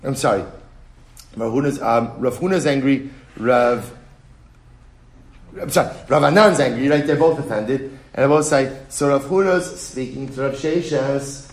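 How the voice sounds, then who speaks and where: A man teaching a text study lesson in an animated way, full of rhetorical questions. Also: medium pitch, normal speed. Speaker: Talmud teacher. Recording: roomy echo.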